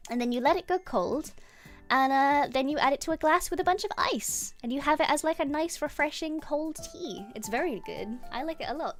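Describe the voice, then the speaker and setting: A young woman with a British accent chatting on a stream, her voice high and full of swooping, lively pitch. She talks in a bubbly, giggly way as she reads out viewer comments, with faint music in the background. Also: fairly quick. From Britain. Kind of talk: casual chat with viewers.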